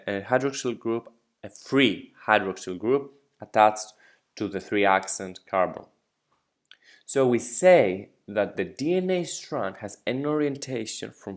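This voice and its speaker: A man whose first language is Greek, teaching biology step by step over slides, asking the listener questions and correcting his own slides as he goes. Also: lowish voice. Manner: explains step by step, checks understanding with questions. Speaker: biology tutor.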